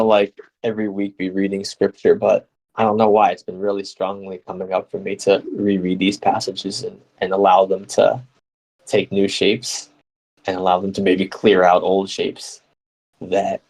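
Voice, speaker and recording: A man hosting a live radio show, chatting casually and reading scripture aloud, playful and quick to laugh. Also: deep voice, little pitch movement, gravelly, a little mellow, low-quality recording. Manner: playful, laughs often, slips into mock accents.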